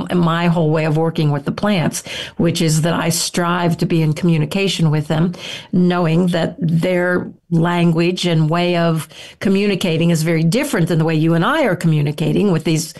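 Older woman telling stories, low voice. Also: moderate pace. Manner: warm, rambling, with frequent self-restarts and "you know". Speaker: guest herbalist and author. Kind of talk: casual storytelling interview answer.

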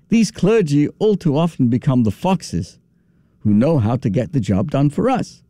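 A rabbi giving an animated, folksy sermon with restarts. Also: male voice, a little high, fairly quick, no room sound, clean studio sound. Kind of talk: sermon with storytelling.

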